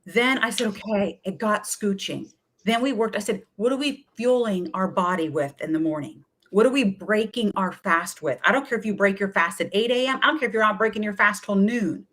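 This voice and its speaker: A middle-aged woman, a wellness coach, telling lively stories in an interview and acting out what people said to her. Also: mid-range voice, a little fast. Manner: energetic, chatty, often acts out quoted voices. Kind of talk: animated storytelling in a talk-show interview.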